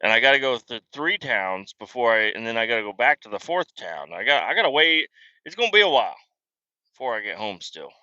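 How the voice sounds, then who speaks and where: A man's voice: medium pitch, sing-song, brisk, sharp tone, dry recording, dull audio. A man hosting a casual podcast, rambling through family stories in a profane, self-deprecating way while on the road. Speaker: podcast host. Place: car.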